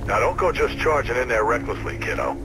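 An actor playing a seasoned male radio operator who guides a runner in a steady, fatherly, instructive way. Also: mid-range voice, fairly quick, lightly acted, rough recording. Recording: game audio with music underneath. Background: game music.

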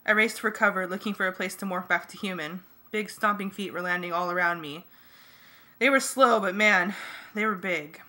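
A woman reading a fan audiobook in the first person, lively and jokey. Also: mid-range voice, normal speed. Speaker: audiobook reader.

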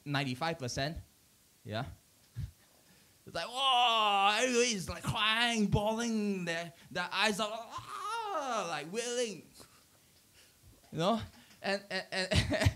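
A middle-aged man, a pastor, giving a conversational church teaching with animated storytelling, restarting his sentences often and chuckling. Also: high voice.

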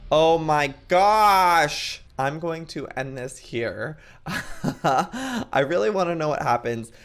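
A man's voice: a little high, takes it slowly. A young man hosting a video, reading creepy chat stories aloud and reacting with frequent gasps and exclamations. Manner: excitable, gasping and exclaiming often. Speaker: YouTube host.

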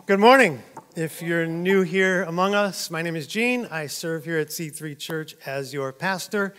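A man's voice: a little high, measured pace, fairly bright tone, clean tone, in a large hall. A male pastor preaching to his church with a swollen jaw after oral surgery, joking at his own expense and acting out dialogue in his stories. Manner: joking and self-deprecating, acts out dialogue. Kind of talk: sermon. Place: church auditorium.

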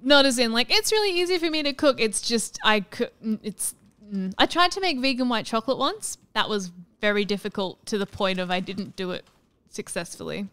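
Woman, casual stream chat, rambling stories, smooth clear voice, dry close sound. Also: on the high side, animated, fairly quick, fairly bright tone, no room sound. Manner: rambling, giggly storytelling. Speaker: stream co-host.

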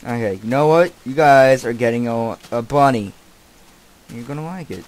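A young man giving casual, distracted commentary while he plays a game. He swears often and keeps yelling at the animals and characters on screen. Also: mid-range voice, moderate pace. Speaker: gameplay commentator.

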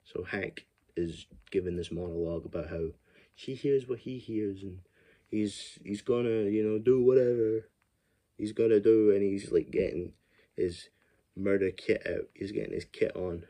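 A man's voice: on the low side, moderate pace, mellow. A man casually recapping a horror film plot, rambling, profane and often laughing. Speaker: film reviewer.

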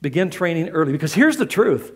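A man's voice: a little high, very animated, a little fast. A middle-aged pastor preaching a sermon in church, emphatic and repeating his key lines.

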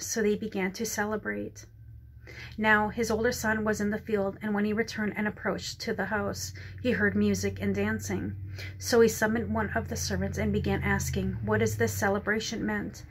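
A woman sharing a prophetic word and reading scripture in a dark room, halting over words and close to tears. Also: mid-range voice, level tone, breathy edge. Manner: halting reading with stumbles and apologies.

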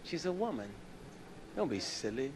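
A man preaching a sermon in a blunt, scolding way, dropping to a hush and then rising loud and emphatic. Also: medium pitch, big pitch swings, moderate pace, slight background noise.

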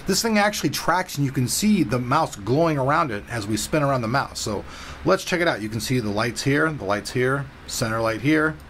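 A man's voice: medium pitch, expressive, a little fast, a bit bright, a little hiss or hum. Chatty man with a sore throat. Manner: chatty, enthusiastic, talks straight to viewers. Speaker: tech reviewer and channel host. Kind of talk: casual unboxing review.

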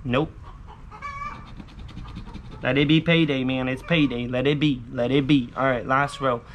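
Scratching lottery tickets for his vlog, a man chats casually with viewers and yells catchphrases, his voice hoarse from shouting. He sits close to a camera on an indoor table, his medium-pitched, steady, slightly slow voice recorded with highs cut off and slight background noise.

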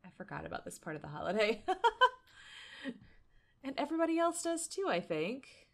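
A woman commentating a life-simulation game, chatty and excitable, talking to her viewers and to the characters on screen. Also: mid-range voice, fast, vocal fry. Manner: excitable, squeals and laughs at surprises. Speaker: gaming YouTuber. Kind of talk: let's play commentary.

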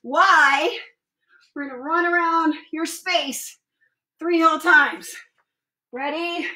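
A mother cheerfully leads her family through a home workout, counting reps and giving encouraging instructions. Her very high-pitched voice is bright and forceful, slow-paced with fairly even intonation, and sounds far off the mic in an echoey room.

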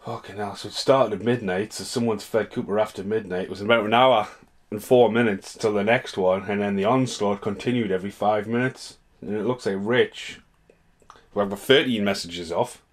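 A man who has just woken up reacts to a string of voice messages, sounding dry and exasperated. His voice sits a little low. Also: normal speed. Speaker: channel host reacting. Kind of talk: casual reaction commentary.

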